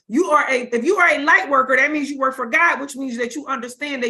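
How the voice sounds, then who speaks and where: A woman's voice: high-pitched, fairly quick, hardly any pauses, bright, forceful tone. A woman giving an informal spiritual teaching on a livestream, talking casually and emphatically, repeating phrases for stress. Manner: casual vernacular speech.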